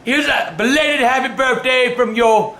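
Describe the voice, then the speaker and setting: Loud profane old man, high bright voice. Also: unhurried. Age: older. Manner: loud, cursing, ranting. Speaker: grandfather telling stories. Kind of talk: profane storytelling to camera.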